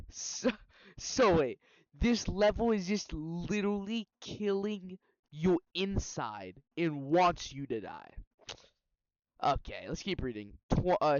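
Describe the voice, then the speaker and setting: A man's voice: fairly high pitch, smooth, dry recording. A young man reacting to a video, talking casually, laughing often and tripping over his words. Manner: laughs often, says bro, stutters on words. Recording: dull lo-fi sound.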